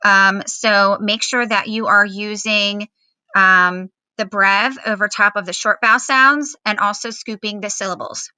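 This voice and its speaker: A woman's voice: mid-range voice, fairly even intonation, a little slow, sharp tone, clear, resonant tone, dry recording, rough recording. A woman teacher giving a recorded phonics lesson to children at home, patiently spelling out words with fillers.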